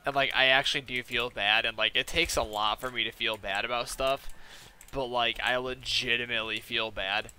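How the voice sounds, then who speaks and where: A young man spins a long, casual story while playing a game, his speech rambling and profane and packed with "like". His voice is strikingly bright and forceful, and his pitch sits in an ordinary middle range. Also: steady tone, normal speed, slight background noise. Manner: rambling, profane, filler-heavy "like". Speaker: gaming video host. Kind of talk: casual storytelling over gameplay.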